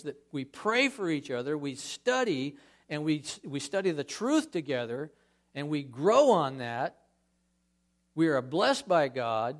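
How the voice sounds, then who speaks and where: A man with a slightly high voice preaches a conversational sermon as a guest speaker at a church. He acts out scenes from scripture with lively emphasis.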